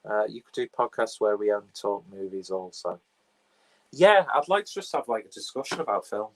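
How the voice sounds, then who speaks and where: A man's voice: fairly low pitch, expressive, fairly quick, poor audio. A man hosting a casual film podcast, rambling and offhand with crude jokes, recorded on a phone camera. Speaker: podcast host.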